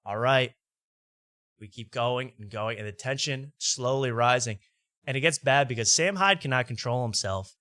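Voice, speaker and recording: Male host, bright tone, dry close mic, mocking casual commentary. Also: medium pitch, normal speed, no echo. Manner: wry, mocking, laughs as he talks. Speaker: host reacting to podcast clips.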